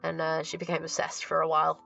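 A woman's voice: deep voice, monotone, quick pace, vocal fry. A woman chatting casually while she crafts on a stream, rambling and thinking aloud with plenty of fillers. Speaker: crafting livestreamer. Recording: dull lo-fi stream audio. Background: soft relaxing music.

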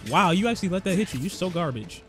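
A young man giving excitable, trash-talking commentary while playing a video game. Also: high voice, fast, music in the background. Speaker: gaming streamer. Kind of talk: let's-play commentary. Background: game soundtrack.

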